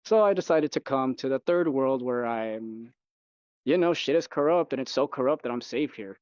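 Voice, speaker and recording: Guest: young man, loose profane storyteller, mid-pitched, dull lo-fi mic. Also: lively intonation, normal speed, a little mellow, no room sound. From United States. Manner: rambling, profane storytelling full of fillers. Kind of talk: casual chat.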